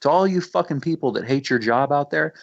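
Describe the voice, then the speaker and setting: A man's voice: fairly high pitch, lively intonation, brisk, gravelly. A man, a rapper, talking intensely as a radio guest, swearing freely and restarting his sentences. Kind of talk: casual radio interview. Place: radio studio. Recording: muffled lo-fi radio audio.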